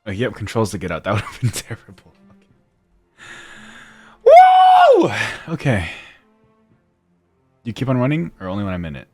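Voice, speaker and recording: A young man giving casual gameplay commentary, talking to himself, muttering quietly at times and breaking into loud excited shouts. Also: lowish voice, quick pace, pauses often, over loud music. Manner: drops to near-whispered mutters while working. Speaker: gaming YouTuber.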